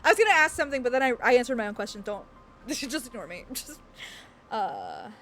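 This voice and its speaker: High, lively bubbly woman streamer. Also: fairly quick, soft background music. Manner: bubbly, giggly, gushing. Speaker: game streamer. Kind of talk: casual live-stream chat with viewers.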